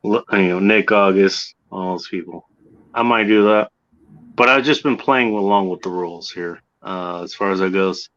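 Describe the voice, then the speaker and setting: A man's voice: low-pitched, moderate pace, a bit bright, lo-fi sound. A man hosting a casual livestream, swearing and reacting sardonically. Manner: profane, sardonic. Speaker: streamer host.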